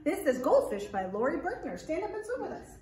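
Give me a woman librarian leading a kids' storytime, gentle and encouraging, in a roomy space with the mic far off. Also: high voice, big pitch swings, fairly quick, a little hiss or hum. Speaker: children's librarian. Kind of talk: bilingual children's storytime. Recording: echoey room, mic at a distance.

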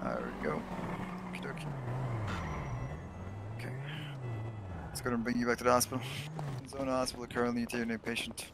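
A man's voice: mid-range voice, lively intonation, a little fast, gravelly, long pauses, heavy background noise. Man playing a stiff, formal paramedic. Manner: stiff, formal medical jargon. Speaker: role-play paramedic. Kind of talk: in-character game role-play.

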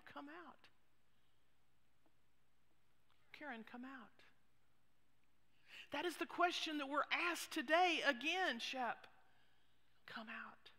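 Bright-voiced woman pastor preaching. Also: high voice. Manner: expressive preaching, dropping to hushed asides. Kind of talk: sermon. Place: church sanctuary. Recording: long reverb of a church hall.

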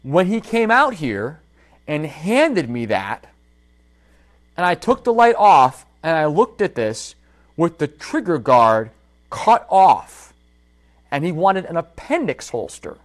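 A man's voice: on the high side, takes it slowly. A man hosting a casual livestream, telling a story from his workshop and talking straight to his viewers. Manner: animated storytelling, addresses viewers directly. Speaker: holster maker and livestream host.

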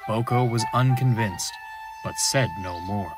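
A man narrating a storybook in an expressive, animated way. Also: medium pitch, measured pace, music in the background.

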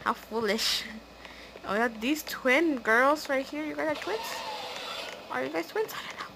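Woman gaming host, let's-play commentary; unhurried but animated, higher register, excitable. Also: vocal fry, noisy background. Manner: excitable, chatty, gasps and squeals.

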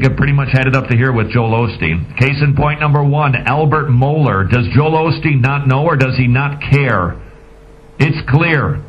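A man hosting a radio talk show, giving emphatic, sarcastic, preachy commentary on lo-fi audio. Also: mid-range voice. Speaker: radio host.

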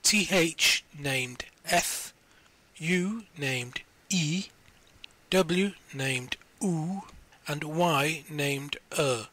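Bright-voiced man reading an encyclopedia article. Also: on the high side, extremely slow. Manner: careful, spells out letters and sounds out foreign words. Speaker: volunteer reader of spoken encyclopedia articles.

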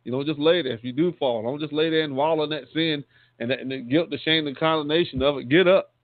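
A man's voice: a little high, quick pace, dry recording. A man, a deacon, giving a conversational sermon, often repeating and restarting words and calling his listeners saints. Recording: tinny phone-line sound, dry.

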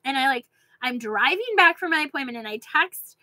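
Woman vlogger, high and bright, chatty rant, dry close sound. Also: expressive, a little fast, no echo, poor audio. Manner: chatty, filler-heavy, laughs while telling. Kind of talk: casual storytelling rant.

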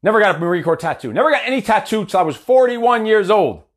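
A man's voice: high-pitched, animated, quick pace. A man in his forties, a coach giving a blunt, profane, fired-up motivational talk. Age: 40s. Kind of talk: motivational monologue.

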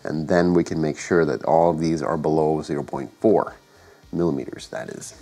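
Garage vlog host: sick man, very low voice, muttered thinking-aloud narration, faint music underneath. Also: steady tone, normal speed, warm tone, breathy edge. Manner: thinks aloud, hesitant fillers and self-corrections. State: sick, voice affected by illness. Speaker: home mechanic and channel host. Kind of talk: casual workshop narration while working. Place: home garage workshop.

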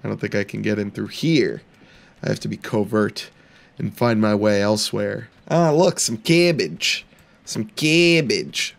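Young male let's-player, gravelly, unhurried delivery, wide lively pitch, playful and taunting with frequent laughs. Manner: playful, laughs a lot, mock-taunts game characters. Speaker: gaming channel host. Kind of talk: let's play commentary.

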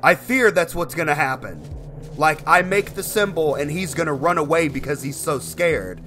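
A man's voice: fairly high pitch, normal speed, sharp tone, faint music behind. A young man giving emotional, chatty commentary as he plays a horror game and talks to his dog. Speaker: gaming streamer. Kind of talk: casual gameplay commentary.

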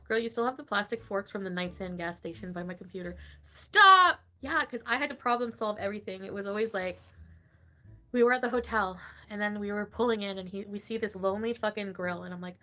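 A woman livestreaming in casual, rambling chat, swearing freely and laughing often. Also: mid-range voice.

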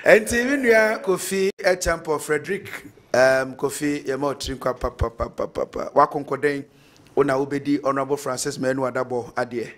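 A man's voice: medium pitch, brisk, a bit bright. A Ghanaian man hosting a radio talk show, chatting casually, laughing often and reading out listener messages.

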